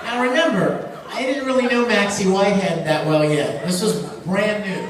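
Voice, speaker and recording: A man's voice: high voice, normal speed. A man on a convention panel, playfully telling a story to the crowd and acting out lines in voices. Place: large convention hall. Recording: echoey hall, distant mic, noisy.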